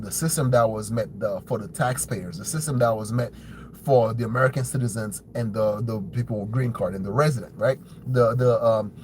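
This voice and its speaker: A man hosting a commentary show rants bluntly with profanity, often asking "right?" and mocking opponents in shrill put-on voices. The recording is rough, with a little hiss or hum.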